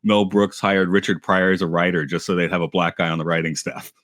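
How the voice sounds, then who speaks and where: A man with a low voice chats loosely on a podcast. He rambles, trips over his words and corrects himself. The sound is dry and close. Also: fairly even intonation, a little fast, a bit bright, no echo. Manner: rambling, self-correcting, laughs easily. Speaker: podcast co-host. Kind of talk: casual chat.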